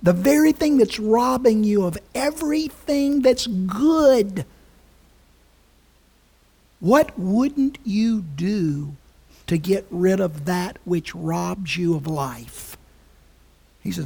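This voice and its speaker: A woman's voice: medium pitch, animated, slow pace, vocal fry, pauses often, warm tone, breathy edge. A woman preaching a sermon with passion and emphasis, often restarting her phrases.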